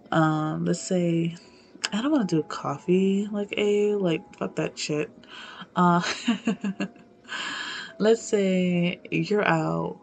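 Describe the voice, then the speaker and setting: A woman's voice: fairly low pitch, gravelly. A young woman in casual chat, rambling with many fillers and swearing freely.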